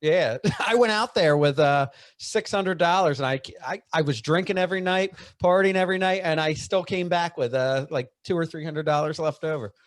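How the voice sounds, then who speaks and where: A male co-host with a somewhat high voice who mostly chimes in with short remarks and laughs. His own stories come in casual, easygoing bursts. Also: dry recording. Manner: short interjections, quick laughs. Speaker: podcast co-host. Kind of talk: casual comedy banter.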